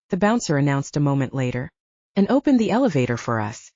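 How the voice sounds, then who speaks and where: Low, expressive woman narrator. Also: fast talker, no echo. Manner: expressive storytelling. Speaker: audiobook narrator. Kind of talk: scripted narration. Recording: dull dry audiobook recording.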